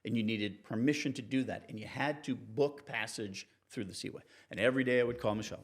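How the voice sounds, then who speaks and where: A man, a TV reporter and interview guest, telling anecdotes in a relaxed, animated way and acting out the people he quotes. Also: fairly quick, hardly any pauses. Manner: animated, acts out quoted people with raised pitch. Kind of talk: conversational storytelling in an interview.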